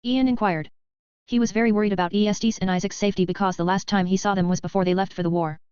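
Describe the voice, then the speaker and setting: A woman reading a web novel as an audiobook in a quick, even narration with barely changed character voices. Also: mid-range voice, clear, resonant tone, no echo. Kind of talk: scripted narration. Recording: slightly dull, dry sound.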